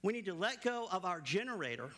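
A man preaching a sermon, reading scripture aloud and then stressing his points with building emphasis. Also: quick pace. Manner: emphatic, builds to animated high-pitched stresses; reads scripture aloud between remarks.

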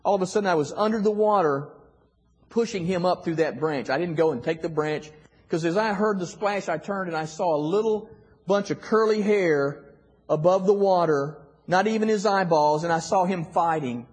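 A middle-aged man with a husky voice, telling a heartfelt personal story as a guest speaker, his voice dropping soft at emotional moments. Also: normal speed. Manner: emotional, voice dropping soft and rising high in quoted lines. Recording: long hall reverb.

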